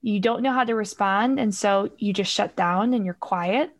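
This middle-aged woman talks things through as a podcast guest, reflective and earnest. She sits at a middle pitch for a woman and acts out everyday examples as she goes. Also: normal speed. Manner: reflective, explains with lively acted-out examples. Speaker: guest expert on parenting emotions. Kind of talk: casual podcast conversation.

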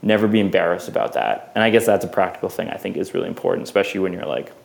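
A man's voice: low voice, rapid-fire, creaky. A man in his twenties, a filmmaker, chatting loosely in an interview, rambling and swearing now and then. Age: 20s. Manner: rambling, swears, acts out quotes. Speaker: filmmaker guest. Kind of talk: casual interview talk.

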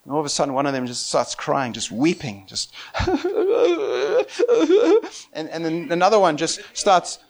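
A man preaching and telling a story with excitement. He laughs often and swings between quiet and loud. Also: on the high side, a little fast, few pauses. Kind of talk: animated storytelling sermon.

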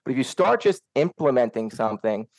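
A man's voice: medium pitch, sing-song, fairly quick, darkish tone, dry recording. A young man who heads SEO, talking earnestly about attitude at work and often checking in with "right?". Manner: earnest, coaching, with many rhetorical "right?". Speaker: SEO team lead. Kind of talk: workplace talk.

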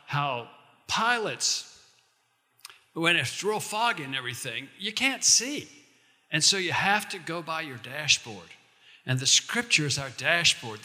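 A male pastor preaching a sermon in a conversational way, slowing down to recite verses and lines. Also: a little high, sharp tone, in a large hall.

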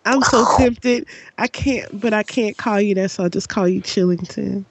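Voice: mid-range voice, moderate pace, no room sound. A podcast guest in casual chat, blunt and giggly, swearing freely.

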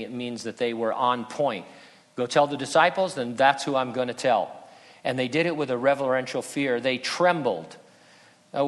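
A man's voice: medium pitch, a bit bright. A male pastor preaching an earnest, conversational sermon with touches of humor. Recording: long reverb in a hall.

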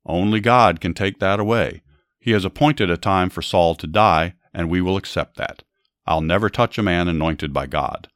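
A man's voice: deep voice, moderate pace, a bit bright, no echo, studio quality. A man voicing a young male warrior who pleads with a king, speaking earnestly.

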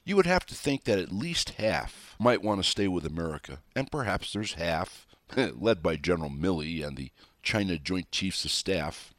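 A man's voice: low voice, fairly bright tone, no echo, clean studio sound. A middle-aged man delivering an emphatic, scornful political opinion monologue, full of rhetorical questions. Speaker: political commentator.

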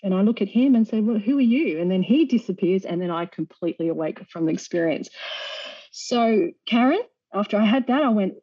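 A woman's voice: mid-range voice, animated, fairly quick. A woman recounting a personal experience as a guest, earnest, with frequent restarts and small nervous laughs. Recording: dull lo-fi recording.

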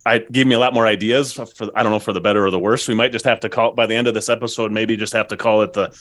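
A man co-hosting a casual podcast, joking around and talking quickly. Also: on the low side, fairly even intonation, fairly bright tone. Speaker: podcast co-host.

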